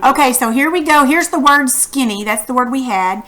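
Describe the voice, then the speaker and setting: A woman's voice: high-pitched, brisk, hardly any pauses, fairly bright tone. A woman teaching a recorded phonics lesson, patiently asking questions and encouraging her students.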